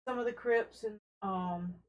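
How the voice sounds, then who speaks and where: A woman hosting a casual fish-keeping live stream from her home fish room, talking in an unhurried, friendly way with fillers as she carries her camera from tank to tank. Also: mid-range voice, dull audio. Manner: unhurried, friendly, talks while showing tanks, with fillers. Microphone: handheld camera she carries around.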